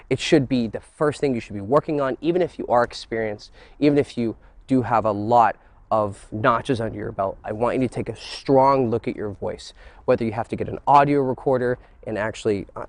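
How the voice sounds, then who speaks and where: A man giving a dating lesson, switching between teacherly explanation and excited, crude joking, swearing casually. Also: medium pitch, no echo. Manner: animated, mixes teacherly talk with excited crude jokes. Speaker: dating coach. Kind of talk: instructional monologue.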